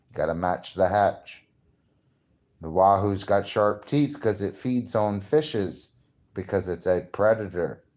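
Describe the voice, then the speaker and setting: A tipsy man rambling in a profane, boastful way and laughing at himself as he mixes fish science with street slang. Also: fairly low pitch. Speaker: fishing vlogger. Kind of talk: casual rambling monologue.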